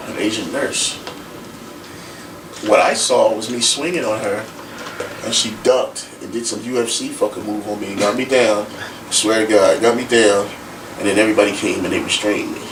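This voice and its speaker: A man giving a casual interview, telling stories animatedly in street slang and swearing freely. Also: fairly low pitch. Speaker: interview guest, former pro wrestler. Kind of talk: casual shoot interview storytelling. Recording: echoey room, distant mic, noisy.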